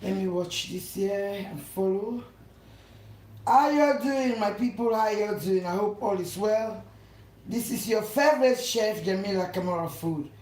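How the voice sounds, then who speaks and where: A woman's voice: mid-range voice, moderate pace, darkish tone. A woman hosting a live cooking stream from her home kitchen, talking effusively and repeating herself as she keeps urging viewers to subscribe. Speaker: cooking channel host. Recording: echoey room with faint background noise. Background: faint household noise.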